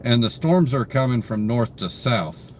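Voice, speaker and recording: A young man chats through his live stream, worn out and yawning, reading viewer comments aloud and greeting them by name. His talk rambles with plenty of fillers, in an everyday mid-pitched voice. A faint hiss sits under the desk-mic recording. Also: lively intonation, unhurried, darkish tone. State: tired, yawning. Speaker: livestream host.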